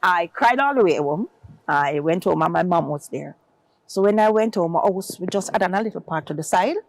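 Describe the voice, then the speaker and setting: Creaky and expressive, she talks at a moderate pace with no echo on the recording. She's a guest telling an emotional story about her life, acting out others' words in her own voice and rising high to mark them.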